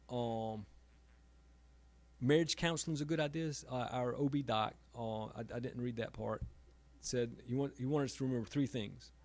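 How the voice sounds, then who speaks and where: Middle-aged guy at a library reading, gravelly, keeps repeating words, pokes fun at himself. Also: mid-range voice, darkish tone, no room sound. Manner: halting, repeats words, self-deprecating humor. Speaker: author and emergency room doctor. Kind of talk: author talk with audience Q&A. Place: library event room.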